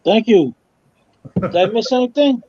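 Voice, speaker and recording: A male caller with a higher, mellow voice who talks candidly and a little sheepishly. His audio comes through dull and lo-fi. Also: expressive, moderate pace. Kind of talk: casual chat.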